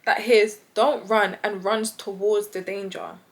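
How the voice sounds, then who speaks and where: A young woman with a British accent telling a story to her vlog audience, animated and acting out the voices of the people in it. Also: unhurried. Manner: animated, acts out quoted voices with big pitch jumps. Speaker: vlogger.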